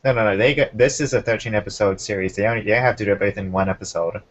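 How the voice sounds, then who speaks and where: A young man hosting a casual chat, relaxed and talkative, keeping an eye on the time. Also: fairly low pitch, rapid-fire. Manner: relaxed, chatty, keeps time. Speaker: podcast host. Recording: muffled lo-fi recording.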